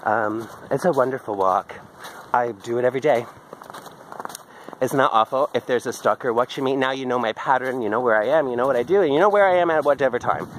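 A man's voice: mid-range voice, brisk, poor audio. An open, talkative man keeps up a meandering video diary as he strolls outdoors, his phone held close. His voice sits in a middling range, and a faint hiss runs under it. He wanders between topics and laughs at himself. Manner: candid, chatty, drifts off topic, laughs a lot. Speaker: video diarist. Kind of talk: rambling walk-and-talk video journal. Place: outdoors on a daily walk in a park. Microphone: handheld phone.

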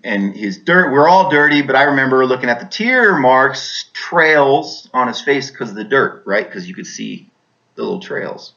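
A man's voice: mid-range voice, pushed and bright. Rambling man telling a war story. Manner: rambling, repeats words, many fillers. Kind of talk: personal storytelling. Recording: dull lo-fi recording.

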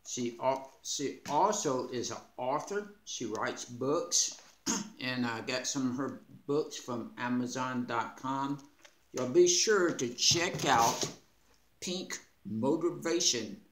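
A man in a casual unboxing vlog, laughing often and talking with gentle, grateful feeling. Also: medium pitch. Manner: slow, warm-hearted, laughing often, moved near tears. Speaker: vlogger. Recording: echoey room with faint noise.

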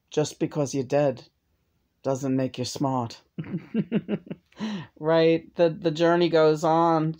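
A woman's voice: low voice, dark tone. A woman channeling the spirit of a dead man who rambles, hesitates and makes crude jokes.

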